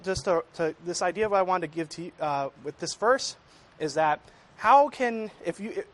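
A man's voice: a little high, a bit bright. A man giving a short, earnest sermon with a scripture reading, speaking loosely with fillers like "like" and "right". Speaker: lay preacher.

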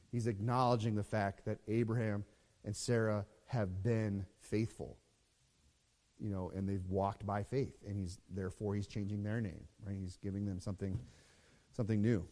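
A man's voice: on the low side, flat delivery, moderate pace, warm tone, long reverb tail. A man teaching a Bible study in a loose, conversational way, repeating words and reading scripture aloud.

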